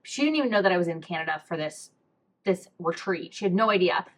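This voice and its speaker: A woman's voice: lowish voice, lively intonation, fast talker. A young woman hosting a podcast, telling a personal story in a casual, candid way, swearing freely and saying "like" a lot. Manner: chatty, candid, swears freely, heavy use of "like". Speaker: podcast host.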